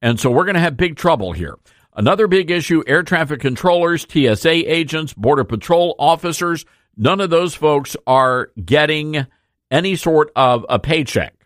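Man, political commentary host, folksy and opinionated, lively pitch, dry close sound. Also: moderate pace, no room sound.

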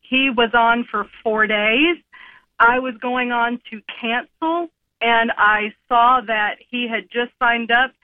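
A woman's voice: a little high, takes it slowly, no room sound. A woman in her fifties calling into a radio show and telling a story in a plain manner. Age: 50s. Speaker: caller. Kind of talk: phone-in call. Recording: tinny phone line.

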